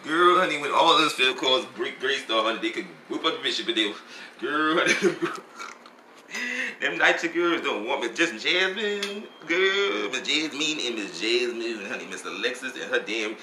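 Campy gossipy guy, sharp bright voice bouncing all over, echoey room with a little background hum. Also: medium pitch, expressive, moderate pace. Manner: sassy and campy, peppered with honey and girl, laughing often. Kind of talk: comic gossip monologue.

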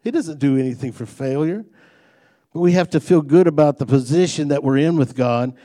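A man's voice: on the high side, fairly quick, warm tone. Guy preaching, folksy and chatty, cracks jokes then leans in hard on the big points. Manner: folksy, conversational preaching with humor and rising emphasis. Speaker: pastor. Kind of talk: sermon.

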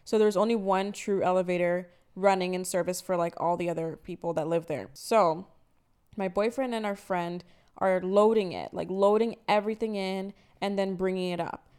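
A woman in her twenties co-hosting a podcast, chatting casually and telling animated stories with acted-out quotes. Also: mid-range voice, normal speed, clean tone. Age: 20s. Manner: animated storytelling, acts out quotes. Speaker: podcast co-host. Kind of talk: casual chat.

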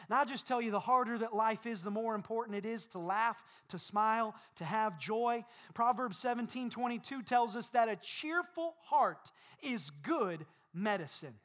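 A man preaching a sermon as pastor, building repeated phrases up to loud peaks. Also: extremely high pitch.

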